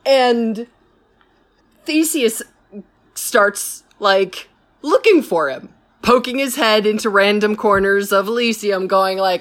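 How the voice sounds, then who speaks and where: A woman's voice: mid-range voice, slow. A woman telling a story in a casual, rambling way, with many fillers and self-corrections.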